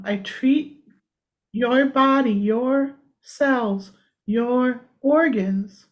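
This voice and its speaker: A woman energy healer leading a private session, singing simple repeated lines softly and chatting between them. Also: a little high. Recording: dull lo-fi audio.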